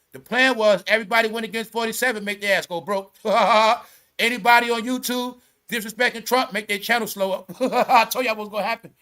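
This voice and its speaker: A man's voice: high voice, sharp tone. A man giving casual, profane vlog commentary and breaking into laughter often. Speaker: online commentator.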